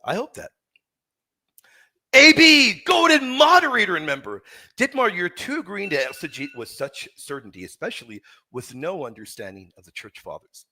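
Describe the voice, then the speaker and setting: A man hosting a heated livestream debate, teasing his opponent and repeating words in quick bursts. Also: high voice, sing-song, pushed and bright. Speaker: debate host.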